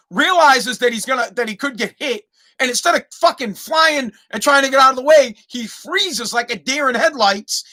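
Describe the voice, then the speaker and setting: A man, hosting a podcast and telling a profane, animated story with many restarts. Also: very high voice. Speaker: podcast host. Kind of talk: casual storytelling monologue.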